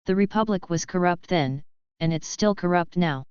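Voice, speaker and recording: Casting: angry, defiant young man gone dark, voiced by a woman narrator, dry, muffled sound. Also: on the low side, normal speed, clear, resonant tone, dry recording, natural voice. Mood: furious. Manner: angry, bitter. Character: furious young man turned to darkness.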